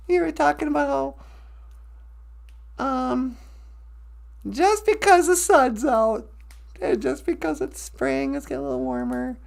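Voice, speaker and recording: Slow, gravelly-voiced woman storyteller. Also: high-pitched, very animated, darkish tone. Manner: chatty, humorous, conversational. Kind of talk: casual storytelling.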